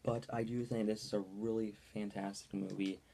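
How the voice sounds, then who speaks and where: A man's voice: on the low side, little pitch movement, normal speed, vocal fry, noisy background. A young man giving a casual movie review in a rambling style, full of ums and likes.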